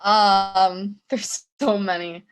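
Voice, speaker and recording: A woman's voice: mid-range voice, fairly even intonation, extremely slow, clear, resonant tone. Chatty young woman telling stories. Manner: chatty, laughing storyteller with many fillers. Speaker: musician guest. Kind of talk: casual interview chat.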